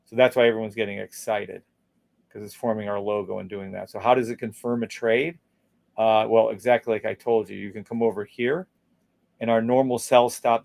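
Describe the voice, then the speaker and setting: A man's voice: lowish voice, vocal fry, a little mellow. A man hosting a live trading stream, walking viewers through charts in a casual, upbeat and salesy way, humming little tunes as he scrolls and reading out viewer comments. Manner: hums and scats while scrolling charts.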